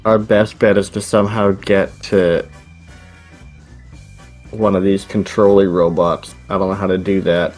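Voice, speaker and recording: A man's voice: low voice, level tone, unhurried, pauses often, a little mellow, soft background music. A man playing a tabletop game, chatting in a laid-back, plain-spoken way. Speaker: player. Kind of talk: casual chat at a game table.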